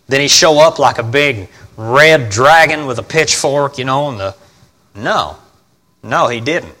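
A man preaching a sermon in a folksy, emphatic way, often asking his congregation questions and swinging between loud and quiet delivery. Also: medium pitch, a little slow. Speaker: pastor. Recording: long reverb of a large hall.

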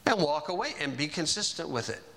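A male preacher delivers a sermon in a folksy, chatty manner. His voice sits a little high and rings bright and forceful. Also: very animated, a little fast, a little hiss or hum. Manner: folksy, conversational preaching with asides.

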